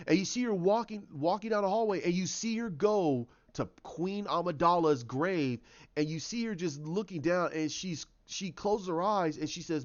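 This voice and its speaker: Guy with a high-ish voice excitedly walking through his story idea, lots of restarts, kinda muffled lo-fi audio. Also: moderate pace. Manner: animated, acts out scenes with restarts and sound effects. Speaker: channel host. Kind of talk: casual retelling of a story idea.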